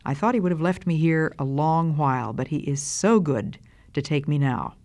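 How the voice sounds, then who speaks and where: A calm, joyful woman near death, speaking softly and serenely, as a woman reads her lines aloud. Her voice is gentle and unhurried. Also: sits low.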